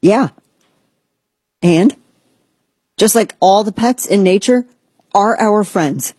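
A woman hosting a talk show, ranting sarcastically in casual commentary and mocking others in squeaky put-on voices. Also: slow pace, a little mellow, slightly rough, no room sound. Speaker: podcast host.

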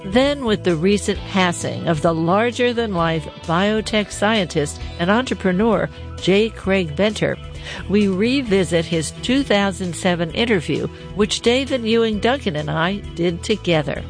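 A woman hosting a radio interview, asking questions in a measured, conversational way. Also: mid-range voice, expressive, soft background music. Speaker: radio show host. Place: radio studio.

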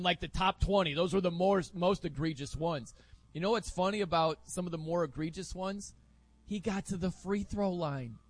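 A man hosting sports talk radio in an energetic, emphatic, opinionated way from a studio. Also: sits high, dry recording.

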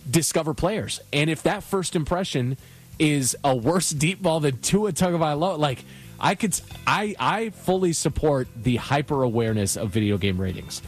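A man co-hosting sports talk radio, reasoning through his points in a quick, conversational way. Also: fairly high pitch, animated, faint music behind.

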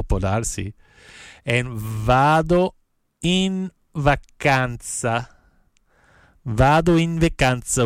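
A man teaching Italian phrases, saying each one slowly and repeating it. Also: medium pitch, no room sound, studio quality. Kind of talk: slow, repeated language lesson.

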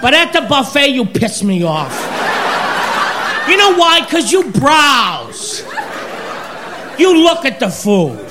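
A man doing a stand-up comedy routine on stage, ranting loudly and exasperated. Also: very high-pitched, sing-song, slow pace, pauses often. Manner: loud, ranting, exasperated delivery. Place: comedy club stage with audience. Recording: live club recording with crowd and noise.

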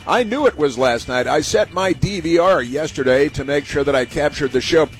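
A man's voice: fairly high pitch, lively intonation, moderate pace, faint music behind. A man hosting a political talk radio show, rambling and emphatic, full of fillers and restarts. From United States. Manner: emphatic, opinionated. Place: radio studio.

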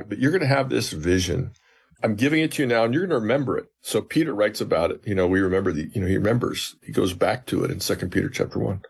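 A man's voice: on the low side, gravelly, husky. A middle-aged man, a professor of biblical theology, explains scripture in an interview, earnestly acting out quoted dialogue.

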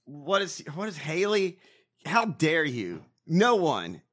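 A man's voice: a little high, wildly swooping pitch, takes it slowly, a bit bright. A man co-hosting a podcast, ranting and mocking in casual, profane talk. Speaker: podcast co-host. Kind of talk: casual chat.

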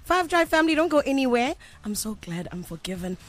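A woman's voice: high-pitched, sing-song, a little fast. A woman hosting a radio show, teasing her co-hosts and laughing often in playful on-air banter.

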